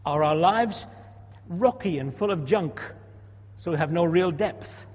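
The recording, made in a church, has the dull echo of a hall. A man in his sixties speaks at a measured pace in a high, slightly mellow voice, preaching conversationally, posing rhetorical questions, and repeating words.

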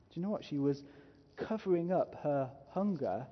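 An earnest pastor preaches to his congregation, his husky voice sitting a touch higher than most men's. The sound is muffled and carries a long church-hall echo. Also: lively intonation, moderate pace, few pauses. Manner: earnest, rising to emphatic preaching. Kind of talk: sermon.

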